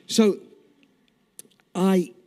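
An older man preaching a sermon and telling a personal story, in an animated, repetitive storytelling way. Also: high voice, very slow. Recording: reverberant hall.

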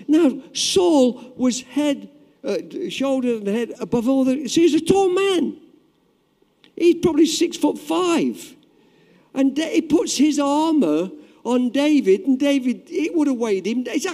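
A man preaching a sermon, animated and direct, addressing his listeners. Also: very high voice, unhurried. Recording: long reverb in a hall.

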